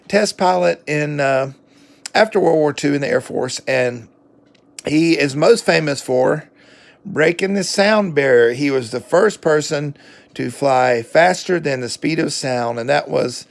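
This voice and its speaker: A man's voice: mid-range voice, gravelly. A man with a Southern accent giving a rambling, folksy book review vlog, full of fillers and self-corrections. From southern United States.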